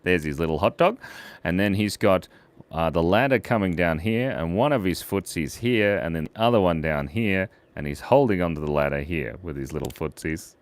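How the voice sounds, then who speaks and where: A man's voice: low-pitched, expressive, normal speed. A man hosting a live drawing stream, chatting playfully and goofily with viewers as he draws their suggestions. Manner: playful, goofy, talks to the chat. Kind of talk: casual live-stream chat while drawing.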